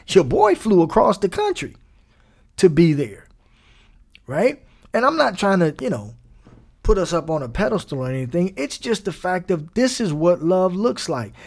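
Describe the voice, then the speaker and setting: Man preaching, animated, repeats phrases, rises to emphatic peaks, fairly high voice. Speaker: pastor. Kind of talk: sermon.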